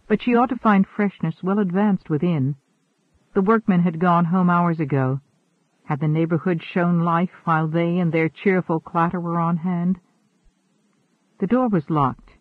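A man reading a novel aloud in a measured, even narration. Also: high-pitched, no echo. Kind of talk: audiobook narration. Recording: narrow phone-like sound.

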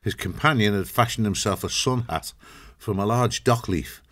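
A man reads a fantasy novel aloud in a very low voice. His storytelling is measured and dramatic, and he paces each chapter with care. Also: fairly bright tone. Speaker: audiobook narrator. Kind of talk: scripted narration.

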